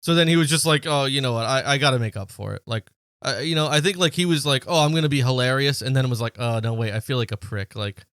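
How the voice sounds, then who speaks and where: A young man co-hosting a podcast, telling stories in a deadpan, casual way and swearing freely. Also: mid-range voice, quick pace, smooth, dry recording, clean studio sound. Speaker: podcast co-host. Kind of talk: casual chat.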